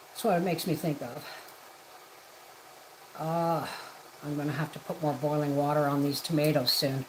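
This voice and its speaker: A woman's voice: sits low, steady tone, normal speed, pauses often, a little mellow, rough recording. A woman hosting a homestead livestream from her kitchen, chatting casually as she cooks and greeting viewers by name. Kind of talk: casual livestream chat while cooking. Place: home kitchen.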